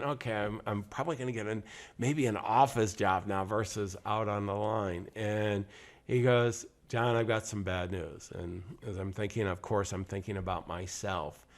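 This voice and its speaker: A man in his sixties from upstate New York, hosting a podcast and telling an earnest story with pauses and emphasis. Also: lowish voice. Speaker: podcast host. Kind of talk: scripted-sounding monologue introducing a show.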